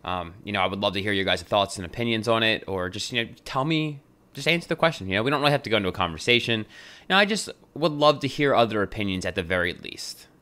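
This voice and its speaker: Low-voiced young man hosting a podcast. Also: lively intonation, fast, pushed and bright. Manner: loose and jokey, swears freely. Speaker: podcast host. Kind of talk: casual podcast monologue.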